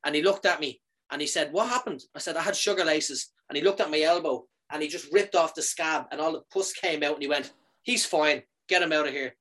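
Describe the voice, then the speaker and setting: A man in his thirties, a comedian chatting casually and telling animated stories, leaping up in pitch for quoted lines. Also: brisk. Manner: animated storyteller, jumps high for quoted lines. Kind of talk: casual chat.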